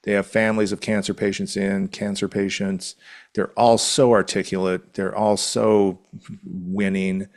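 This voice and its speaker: A man's voice: deep voice, flat delivery, measured pace, darkish tone. A man co-hosting a podcast, chatting casually and enthusiastically in a rambling way with many restarts. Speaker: podcast co-host. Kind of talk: casual chat.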